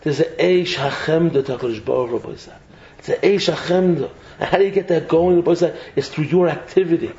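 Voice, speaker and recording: A man giving a lively Torah lecture, joking and mixing Hebrew terms into English. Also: on the high side, fast talker. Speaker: rabbi giving a Torah class. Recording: echoey room, slightly dull sound, faint noise.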